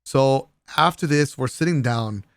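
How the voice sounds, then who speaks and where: A young man talks through his trip in a loose, slangy voice-over, swinging between easygoing recaps and excited bursts where he acts out his friends. His voice sits at an ordinary male pitch and sounds dry and close, with no room around it. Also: a little slow, vocal fry, clear, resonant tone, no echo. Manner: animated, laughing, swearing, mimics friends in raised pitch. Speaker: vlogger. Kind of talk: casual storytelling vlog voice-over.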